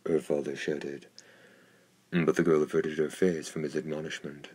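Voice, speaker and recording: Very deep husky male narrator. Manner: steady, measured reading. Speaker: audiobook narrator. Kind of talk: scripted narration.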